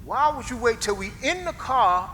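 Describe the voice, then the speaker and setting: A man's voice: extremely high pitch, sing-song, moderate pace, pushed and bright, slight background noise, exaggerated voice. A man playing a proud old chauffeur. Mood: indignant. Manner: plain-spoken, dialect speech, firm and coaxing. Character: older Southern chauffeur, proud, patient and plain-spoken. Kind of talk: live stage play. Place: theater stage. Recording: stage play in a reverberant auditorium.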